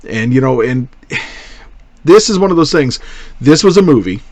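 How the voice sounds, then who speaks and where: Male podcast host, animated pitch, dry close sound, casual and profane. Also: unhurried, no echo. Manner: loose, profane, animated delivery.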